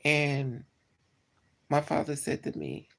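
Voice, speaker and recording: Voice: mid-range voice, fairly even intonation, slow pace, vocal fry, a bit bright. A livestreamer telling a personal story to live chat in a casual way, talking bluntly with swearing and often repeating and correcting themselves.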